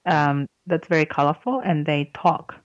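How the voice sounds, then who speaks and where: A woman's voice: low-pitched, fairly even intonation, normal speed, dry recording, muffled recording. A woman hosting a podcast who tells a joke in casual chat, laughing often and stopping to explain words. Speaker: podcast host.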